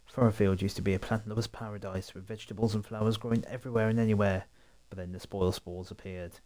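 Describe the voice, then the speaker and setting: A man's voice: fairly low pitch, flat delivery, quick pace, warm tone, close to an everyday voice. A man voicing an eager, upbeat young farm girl in a video game, reading her lines aloud.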